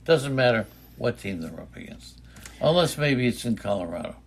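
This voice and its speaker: Joking older man with a high-pitched voice. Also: very animated, normal speed, creaky. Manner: joking, teasing, rambling with fillers. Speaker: podcast co-host. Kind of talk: casual fantasy baseball chat.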